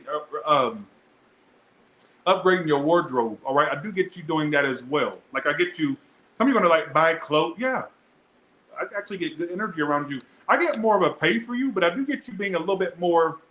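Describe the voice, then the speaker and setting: Young guy reading tarot, bright punchy voice, chatty and blunt, cusses a lot, kinda echoey room. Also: a little high, a little hiss or hum. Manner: chatty, blunt and profane, talks straight to viewers. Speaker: tarot reader. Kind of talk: casual tarot reading to camera.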